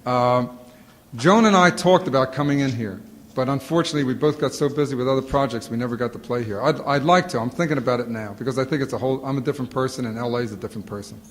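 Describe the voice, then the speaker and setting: Animated storytelling man, reverberant hall. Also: medium pitch, fast. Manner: animated storytelling, acts out quotes. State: sore throat, sucking a lozenge. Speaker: comedian answering audience questions. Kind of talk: casual Q&A talk. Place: auditorium before a live audience.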